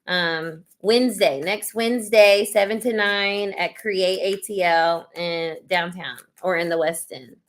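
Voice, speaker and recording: A woman's voice: on the low side, a little slow, hardly any pauses. A woman giving casual tarot readings on a live stream, chatty and effusive, with lots of fillers. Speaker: tarot reader hosting live sessions.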